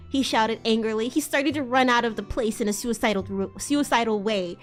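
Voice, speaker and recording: A woman's voice: a little high, a little fast, soft background music. A young woman streamer giving a dramatic, mocking live reading, with the odd stumble over words.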